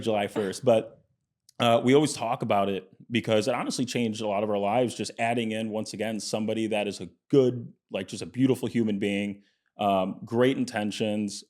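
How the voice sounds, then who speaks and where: A man being interviewed as a business guest in casual chat, telling stories with lots of fillers and acted-out quotes. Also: on the low side. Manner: animated storyteller, acts out quotes; frequent fillers and restarts. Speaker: podcast guest, entrepreneur.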